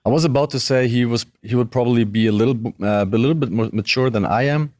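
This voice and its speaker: A man's voice: mid-range voice, fast, no echo, clean studio sound. A young man from Germany with a light German accent, chatting casually and easily as an interview guest. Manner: relaxed, chatty, frequent restarts. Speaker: guest, professional wrestler.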